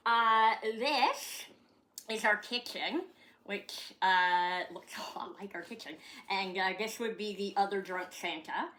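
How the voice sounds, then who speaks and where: Speaking in a pushed, bright, mid-range voice, this middle-aged Canadian vlogger rambles through a casual chat at home. She swears occasionally.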